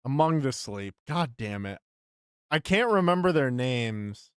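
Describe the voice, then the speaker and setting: A man's voice: medium pitch, big pitch swings, unhurried, smooth, no room sound, clean studio sound. A young man streaming live, chatting casually with his chat, frustrated, swearing and repeating himself.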